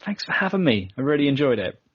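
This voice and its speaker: A man's voice: mid-range voice, sing-song, quick pace, breathy edge, dry recording. A British man who is a guest on a casual podcast, joking and playful. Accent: British English. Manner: jokey, playful. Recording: dry, dull lo-fi sound.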